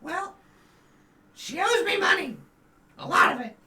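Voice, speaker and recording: A man voicing a shrill, suspicious male creditor who keeps asking about debts. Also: animated, unhurried, bright, forceful tone, exaggerated voice. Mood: indignant. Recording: roomy, distant mic.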